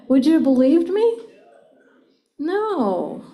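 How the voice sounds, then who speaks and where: A woman's voice: on the high side, big pitch swings, unhurried, warm tone. A middle-aged woman giving a live seminar talk on communication, engaging the audience with frequent questions. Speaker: communication speaker.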